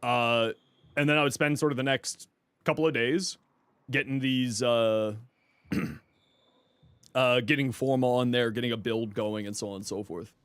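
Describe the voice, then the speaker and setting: A man's voice: mid-range voice, steady tone, measured pace, long pauses, a bit bright, clear, resonant tone, dry recording. A man from Toronto, streaming and chatting casually with viewers in a laid-back, rambling way. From Toronto, Canada. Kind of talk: casual livestream chat answering viewers.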